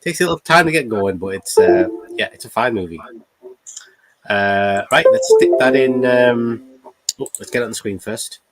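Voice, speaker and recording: A man co-hosting a casual livestream, relaxed and agreeable, muttering as he works his computer. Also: medium pitch, moderate pace, music in the background. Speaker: co-host.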